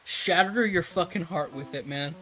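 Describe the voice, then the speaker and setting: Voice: medium pitch, normal speed, sharp tone, soft background music, poor audio. A streamer chatting casually with viewers while drawing, rambling, laughing often and swearing freely.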